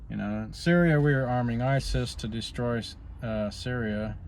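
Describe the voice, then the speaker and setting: A man's voice: medium pitch, moderate pace, darkish tone, slight background noise. A man vlogging in a rambling, casual way, stopping often on "you know" as he drifts from politics to personal life.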